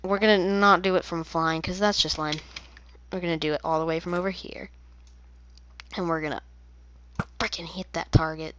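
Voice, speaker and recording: A woman's voice: on the low side, fairly even intonation, normal speed, long pauses, fairly bright tone, dull audio, a little hiss or hum. A woman giving casual, playful commentary over her own gameplay, rambling into silly asides. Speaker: gaming video creator.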